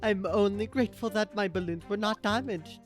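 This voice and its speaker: A pompous balloon impresario with a thick, hammy Italian accent and halting broken English, as a streamer puts him on for a live game read. Faint game music plays underneath. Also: mid-range voice, lightly acted. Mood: dramatic. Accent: attempted Italian.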